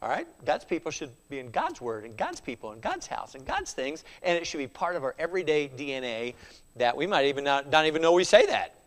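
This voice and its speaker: A man's voice: fairly high pitch, big pitch swings, fairly quick, in a large hall. A man preaching a sermon in a conversational way, chuckling often and tossing in rhetorical asides.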